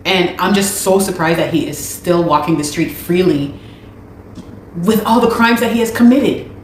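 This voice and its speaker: A woman's voice: on the low side, normal speed. A woman, a musician, speaking urgently and repetitively to her viewers, pleading for their help. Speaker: musician and video host. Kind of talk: personal appeal to viewers. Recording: echoey room with faint noise.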